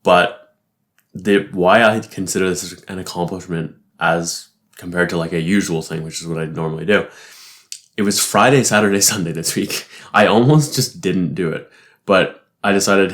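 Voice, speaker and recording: A man's voice: low-pitched, normal speed, a bit bright. A young man talking casually in a reflective monologue, rambling, swearing often and laughing easily. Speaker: vlogger.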